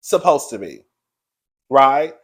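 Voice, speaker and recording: A man hosting a reaction vlog, talking in an animated, gossipy way and calling his viewers "girl". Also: mid-range voice, breathy edge. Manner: animated, gossipy, quick laughs. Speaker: commentary vlogger. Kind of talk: sassy reaction commentary.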